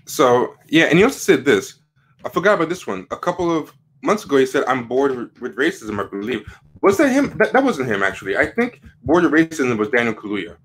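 A man's voice: medium pitch, expressive, brisk, a bit bright, slightly rough. A man hosting a casual commentary livestream, rambling with many fillers and restarts as he reads quotes aloud from the web. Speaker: livestream host.

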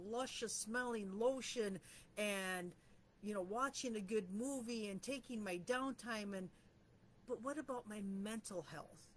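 A middle-aged woman vlogs with a mid-range, slightly bright voice, some faint background noise behind her. She reflects casually and candidly, poking fun at herself.

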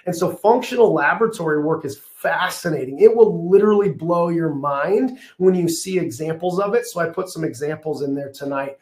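A man in his thirties giving a passionate, fast, emphatic webinar presentation from his office, his voice a bit strained. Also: a little high, darkish tone, reverberant. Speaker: functional medicine practitioner presenting a webinar.

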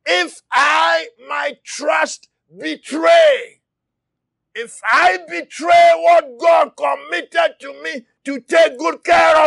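A man preaching a fiery sermon, shouting and crying out, repeating his words as he presses his listeners. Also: very high voice, gravelly, dry recording, clean studio sound.

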